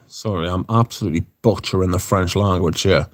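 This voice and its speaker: A man's voice: low-pitched, fairly quick, few pauses. A British man hosting a livestream, chatting casually and reading out viewer comments, swearing freely. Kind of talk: casual chat.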